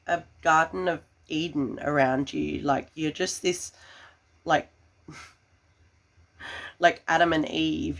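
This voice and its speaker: A woman giving a tarot reading, gushing and full of fillers, breaking into excited laughter. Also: low-pitched, creaky. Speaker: tarot reader.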